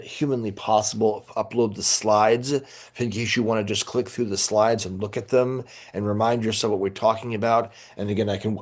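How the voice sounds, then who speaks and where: A man's voice: fairly low pitch, a little mellow. A middle-aged man, a priest teaching church history, lecturing informally and rambling with many fillers and restarts. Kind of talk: informal lecture answering questions.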